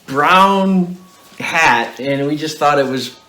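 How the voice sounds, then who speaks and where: A man co-hosting a casual behind-the-scenes chat about making a web series. He is talkative, laughs easily and jumps up in pitch when he jokes. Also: takes it slowly, sharp tone. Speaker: co-host and actor in the web series. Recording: roomy echo.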